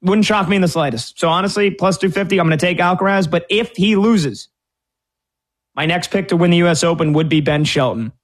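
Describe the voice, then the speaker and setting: A man's voice: high voice, brisk. A man giving opinionated, rambling sports betting commentary on a tennis tournament as a show regular. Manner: opinionated, rambling, many restarts.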